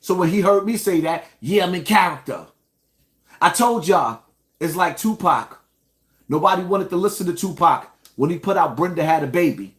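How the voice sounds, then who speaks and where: Indignant higher-voiced male commentator. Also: lively intonation, moderate pace, fairly bright tone. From New York. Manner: indignant, addresses viewers directly. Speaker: online show host. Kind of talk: commentary rant.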